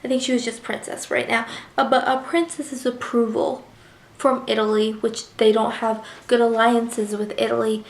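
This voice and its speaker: A woman's voice: fairly high pitch, little pitch movement, normal speed, roomy sound. A young woman reviewing a book in a casual vlog, chatty and gushing with lots of filler words.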